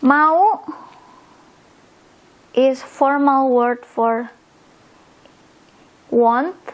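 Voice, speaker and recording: Slow high-voiced woman teacher. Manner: slow and deliberate, repeating words for learners. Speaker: language teacher. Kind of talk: slow explanatory language lesson.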